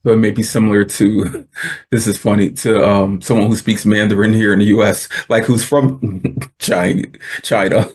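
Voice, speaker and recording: A man hosting a podcast interview, relaxed and encouraging, chuckling often as he asks questions. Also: lowish voice, moderate pace, slightly rough. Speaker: podcast host. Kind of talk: casual interview.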